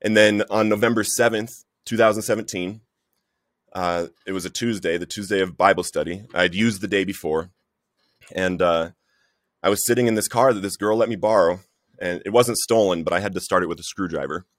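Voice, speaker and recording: A guest sharing his recovery story gives an earnest, emotional personal testimony in conversation, often addressing the listener as "bro." His voice is deep and fairly quick, with no echo.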